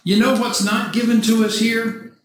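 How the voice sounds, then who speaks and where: A man preaching a sermon, reading scripture aloud and breaking into animated, mock-cheering asides. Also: extremely high pitch, normal speed. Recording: echoey church hall, faint noise.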